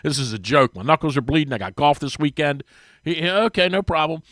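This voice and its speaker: A man, a regular guest on a sports radio show, telling a long animated story and acting out the voices of the people in it. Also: fast, no room sound, clean studio sound. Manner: lively storyteller, acts out quoted voices with big pitch jumps. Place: radio studio. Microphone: studio microphone.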